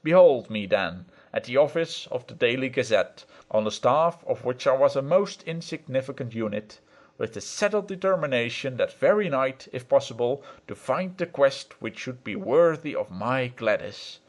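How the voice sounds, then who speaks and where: A man reading a first-person audiobook narration in a steady, reflective manner. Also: medium pitch, moderate pace.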